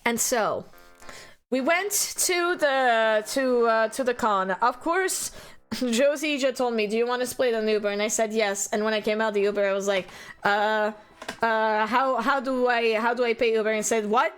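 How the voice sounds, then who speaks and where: A woman's voice: fairly high pitch, normal speed, clear, resonant tone, faint music behind. A young adult woman streaming and chatting casually, rambling and giggling often while teary and emotional. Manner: giggly, rambling, self-deprecating.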